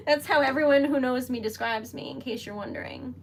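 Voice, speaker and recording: A young woman chats through a crafting livestream, her voice sitting a little high. She is self-deprecating and quick to giggle and gush. A faint hum of room noise sits behind her. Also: creaky. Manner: chatty and self-deprecating, giggly, gushes excitedly. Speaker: livestream host making wax seal stickers. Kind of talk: casual livestream chat while crafting.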